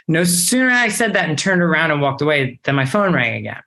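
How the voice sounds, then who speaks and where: A young adult man, an actor guest in a casual interview, telling a story in a lively, expressive way. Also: on the high side, a little fast.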